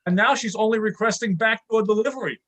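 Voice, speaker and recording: Male stand-up comic from New York, high voice, deadpan delivery. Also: fast. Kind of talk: stand-up comedy set.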